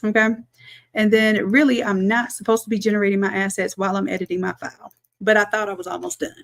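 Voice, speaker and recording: A woman, a design instructor chatting through a live-streamed software tutorial, talking to viewers as y'all and thinking aloud as she works. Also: mid-range voice, fairly even intonation, fast.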